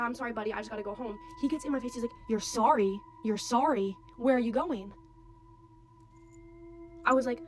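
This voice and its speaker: A woman's voice: on the high side, a little hiss or hum. A young woman telling a story casually, full of "like" and acting out what others said. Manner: animated, quotes others' voices, many "like"s.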